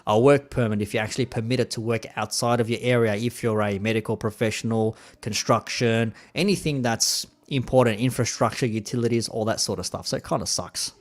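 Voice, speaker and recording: A man's voice: medium pitch, brisk, few pauses. A man in his thirties with an Australian accent, hosting a laid-back, rambling live-stream chat in plain slang.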